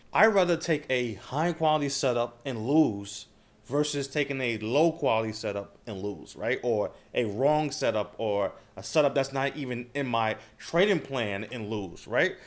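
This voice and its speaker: A man hosting a trading channel, talking casually to his viewers and often checking in with "okay?" and "right?". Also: mid-range voice. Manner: conversational, frequent filler questions like "okay?" and "right?". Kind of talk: casual talk to camera.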